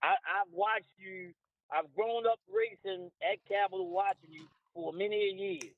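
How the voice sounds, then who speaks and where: A man's voice: high voice, moderate pace. A man calling in by phone, stammering and defensive as he answers in casual chat. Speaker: caller. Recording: tinny phone line.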